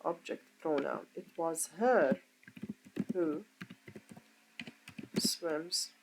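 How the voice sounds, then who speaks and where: Slow, deliberate woman teaching grammar. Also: low-pitched, creaky, noisy background. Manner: slow, deliberate, asks rhetorical questions. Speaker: English teacher. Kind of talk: recorded grammar lesson.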